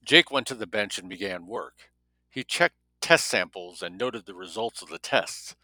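A man's voice: low voice, animated, moderate pace, sharp tone, no room sound, poor audio. A man reading a novel aloud who breaks off now and then for wry spoken comments. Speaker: story reader.

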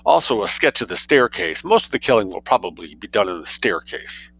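A man voicing a suave, mischievous young man who spins outrageous tales with cool calm. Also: on the low side, a little fast, full character voice. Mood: sly, unruffled.

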